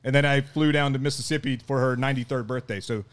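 A middle-aged man, a podcast guest, tells a story in casual chat. He talks in an animated way, laughs often and acts out what people said. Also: medium pitch, fast talker.

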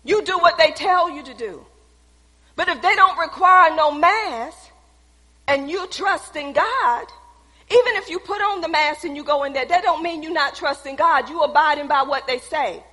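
A woman's voice: sits high, moderate pace, pushed and bright. A woman preacher delivering a sermon in an emphatic, folksy way, repeating phrases for stress, in a church sanctuary. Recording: long echoey hall reverb.

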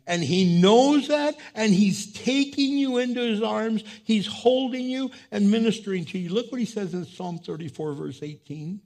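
A man's voice: high-pitched, moderate pace, few pauses. A man preaching a sermon, emphatic and dramatic, acting out voices of troubled people as he goes. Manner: emphatic, swings from loud to hushed; acts out voices of people and God. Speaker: pastor. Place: church.

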